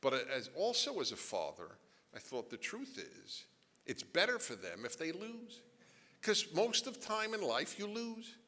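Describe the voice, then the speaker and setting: A middle-aged man lectures a live audience in a large hall, his bright, forceful voice swinging widely in pitch. He jokes in asides and keeps firing rhetorical questions at the crowd. The sound carries a long reverb from the room. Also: wildly swooping pitch, unhurried. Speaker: author giving a talk.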